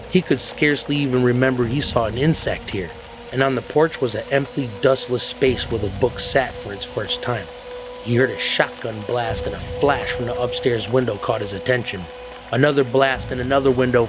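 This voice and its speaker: A man reading a horror story aloud in a measured, ominous way. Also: medium pitch, poor audio. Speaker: narrator. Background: backing music.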